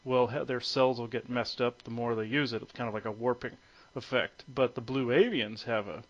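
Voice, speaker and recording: A man's voice: medium pitch, fairly even intonation, moderate pace. A man speaking as a guest on a conference call, hesitant and full of fillers and restarts. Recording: muffled lo-fi phone audio.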